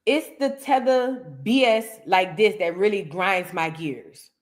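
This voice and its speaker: A woman's voice: medium pitch, slow pace. An American woman hosting a reaction show, giving heated commentary on viewer comments and repeating her lines for emphasis. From United States.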